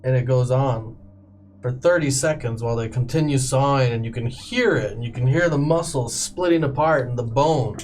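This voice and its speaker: A man serving as game master in a tabletop game, narrating violent scenes in slow, graphic detail. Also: medium pitch, darkish tone, a little hiss or hum.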